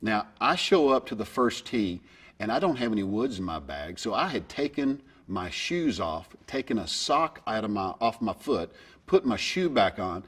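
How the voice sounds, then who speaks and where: A man's voice: on the low side, breathy edge. A man in his fifties telling humorous anecdotes in a folksy way, acting out the voices of the people in his stories. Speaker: golfer. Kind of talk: storytelling anecdote.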